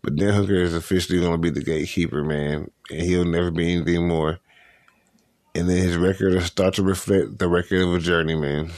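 Young male podcast host, low voice, slangy and repetitive, dry close mic. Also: steady tone, fairly quick, darkish tone, dry recording. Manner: loose, slangy, repeats himself. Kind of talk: casual solo podcast chat about fights.

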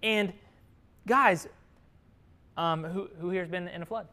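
A man preaching a sermon in an easy conversational way, throwing questions out to the congregation. His voice swings between bright raised lines and soft reflective ones. He laughs easily and keeps the tone friendly. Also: sits high, slow. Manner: lively, asks the room questions, laughs easily.

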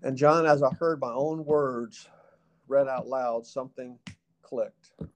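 Speaking at a medium pitch and a little slowly, this middle-aged man with a Southern accent shares a personal story as an interview guest. He's folksy and animated, performing the dialogue he quotes.

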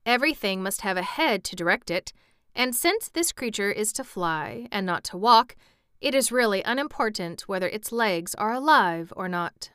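Woman reader voicing a thoughtful scarecrow, explains patiently, crisp and bright. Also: medium pitch, animated, moderate pace, dry recording, clean studio sound, close to an everyday voice. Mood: reasoning. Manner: reasoning, explaining. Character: thoughtful, reasoning male scarecrow. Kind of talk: storybook reading.

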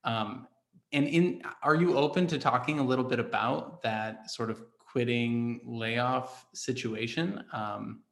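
A male host with a mid-range voice keeps the conversation relaxed and chatty. His sentences ramble a little, with fillers along the way. The recording has a noticeably echoey room sound. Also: medium pitch, unhurried, creaky. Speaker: podcast host. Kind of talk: conversational interview.

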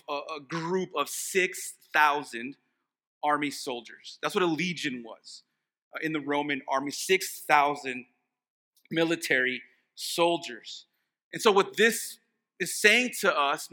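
A man delivers a sermon as a pastor, his voice sitting high and sounding strikingly bright and forceful. He keeps asking the congregation questions and slips into chatty voices when he acts out what the demons are pleading. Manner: preaching with rhetorical questions, acting out demons' pleas.

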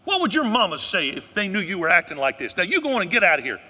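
A man's voice: high-pitched, sing-song, fast, bright, forceful tone, breathy edge, long reverb tail, pitched above the performer's own voice, full character voice. A man putting on a stern Southern mama. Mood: scolding. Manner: scolding, firm and motherly. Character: stern Southern mother scolding teenage boys.

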